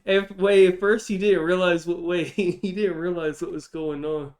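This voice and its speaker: A man streaming live, reacting to a match in a casual, excitable, profane way and laughing often. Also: sits high, moderate pace.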